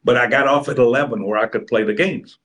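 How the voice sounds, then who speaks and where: A man's voice: mid-range voice, fast talker, fairly bright tone. An older man from Texas, an interview guest telling long stories and acting out other people's lines. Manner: rambling raconteur, acts out other people's lines. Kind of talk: anecdotal storytelling.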